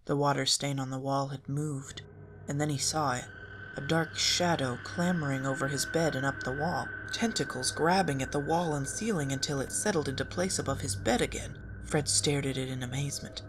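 An audiobook reader narrating a fan fiction story in a calm, measured way. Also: mid-range voice, a little hiss or hum.

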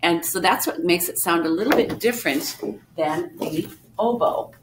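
A woman music teacher explaining things gently and simply to young children, with many fillers. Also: fairly low pitch, normal speed, background noise. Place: school classroom.

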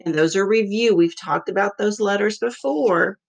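A woman's voice: medium pitch, moderate pace, creaky, husky, rough recording. A woman teaching a remote phonics lesson to young children, patiently sounding out letters again and again.

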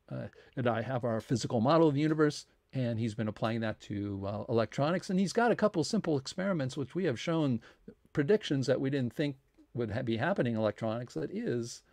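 A man's voice: medium pitch, lively intonation, brisk, vocal fry, darkish tone, no echo. Rambling man hosting a talk show. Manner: rambling, many fillers and restarts; earnest appeals for support. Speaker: host of a science talk series. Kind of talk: casual livestream announcements.

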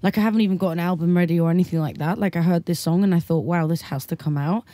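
A woman in her twenties, a pop singer guest in a relaxed radio interview, chatty and laughing often, with lots of "like". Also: fairly low pitch, racing, no room sound. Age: 20s. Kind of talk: casual radio interview chat.

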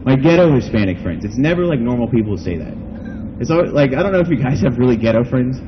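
A man's voice: mid-range voice, sing-song, quick pace, highs cut off, background noise. A man from the United States doing a stand-up comedy set at an outdoor backyard show, rambling and self-deprecating, saying "like" a lot.

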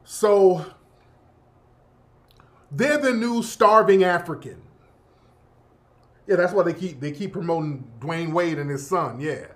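A man commentating in a casual, profane, animated rant that often breaks into laughter. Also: a little high, takes it slowly, long pauses. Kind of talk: casual monologue.

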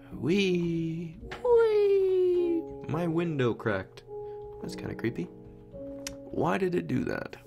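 A man's voice: medium pitch, gravelly. A young man in casual gameplay commentary, talking to himself, swearing, muttering and exclaiming. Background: game music.

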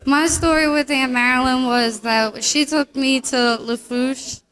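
A woman's voice: high-pitched, steady tone, a little slow, a bit bright, low-quality recording. A woman telling a short, simple family memory at a memorial. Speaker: niece or nephew sharing a memory. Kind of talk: brief casual memory.

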